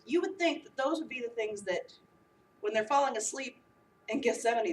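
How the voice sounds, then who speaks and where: A woman preacher giving a sermon, animated and humorous as she acts out the disciples. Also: sits high, normal speed, a little hiss or hum. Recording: echoey room, voice from a distance.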